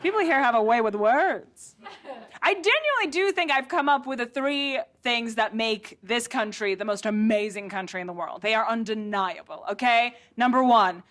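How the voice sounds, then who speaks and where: A woman from Russia with American-learned English performs a sarcastic stand-up set on a theatre stage, speaking at a moderate pace in a slightly high voice. She is lively and acts out quotes as she goes, and the audience's laughter is clearly audible.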